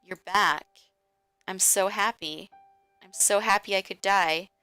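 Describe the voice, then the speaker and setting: A woman's voice: mid-range voice, steady tone, takes it slowly, bright, forceful tone, clean tone, faint music behind. A woman voicing an obsessive, tearful young woman who clings to the one she loves and pleads with him.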